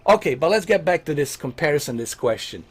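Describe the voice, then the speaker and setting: A man hosting a casual Q&A on tech and games, talking in a blunt, animated and profane way. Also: on the high side, quick pace, husky. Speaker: host answering viewer questions.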